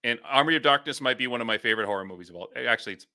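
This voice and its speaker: A man with a bright, forceful voice co-hosts a podcast in casual chat. He tells lively stories, laughs often and acts out the people in them. His pitch is ordinary for a man. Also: very fast. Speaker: podcast co-host, high school football coach.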